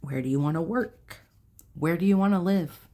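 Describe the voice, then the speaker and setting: A woman's voice: fairly low pitch, moderate pace, dark tone. A young adult woman hosting a self-help video, talking casually to camera in a rambling way, with fillers and self-corrections.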